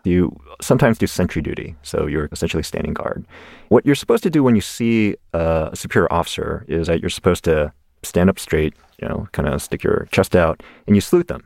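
A man's voice: low voice, lively intonation, fairly quick, creaky, darkish tone, dry recording, studio quality. A man in his forties from the United States, a guest in an interview telling a personal story animatedly and laughing along the way.

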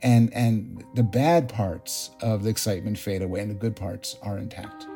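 A middle-aged man, a psychologist guest on a podcast, explaining ideas and telling stories in an animated way. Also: on the low side, moderate pace, gravelly, music in the background. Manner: explanatory, animated storytelling with restarts. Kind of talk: interview.

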